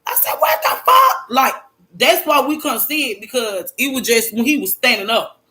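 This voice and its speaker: A young woman vlogger telling a personal story in a blunt, profane, repetitive way, breaking into loud exclaimed quotes. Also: on the high side, lively intonation, moderate pace. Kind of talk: emotional storytime monologue.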